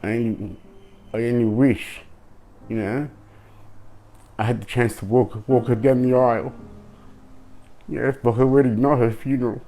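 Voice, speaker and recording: An older man giving emotional interview testimony, speaking in a halting way and repeating words. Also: mid-range voice, steady tone, mellow. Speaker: grieving father interviewed.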